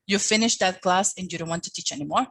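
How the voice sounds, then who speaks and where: Woman coaching teachers, bouncy expressive voice, acts out little dialogues. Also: on the low side, fast, poor audio. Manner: lively, expressive intonation with animated quotes. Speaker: teacher trainer. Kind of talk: teaching workshop presentation.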